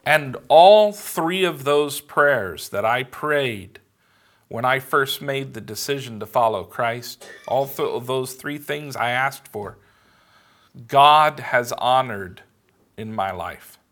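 A man preaching a sermon as pastor, earnest and measured, leaning on emphatic pauses. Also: medium pitch, animated, a bit bright.

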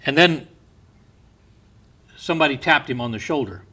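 A man preaching a sermon in a slow, deliberate way, going soft and quiet on quoted words. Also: mid-range voice, animated.

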